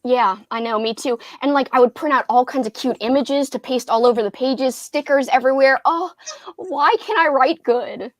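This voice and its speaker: A woman's voice: high-pitched, steady tone, a little fast, few pauses, no echo. A young woman hosting a casual book livestream, chatty and giggly, reading viewer comments aloud. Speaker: booktube livestream host.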